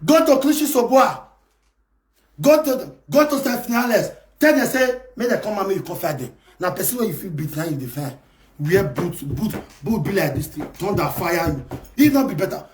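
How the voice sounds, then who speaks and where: A man with a Nigerian accent ranting on a live stream, shouting, scolding and taunting. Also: high voice, a little hiss or hum. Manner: shouting, scolding and taunting in Pidgin-laced English. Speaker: live video host. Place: abroad in France.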